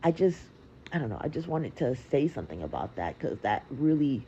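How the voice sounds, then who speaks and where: A woman's voice: very deep voice, very animated, a little fast, warm tone, a little hiss or hum. A young woman talking earnestly and emotionally straight to her followers, often repeating herself. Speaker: social media creator. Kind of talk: emotional confessional clip. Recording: dull lo-fi clip.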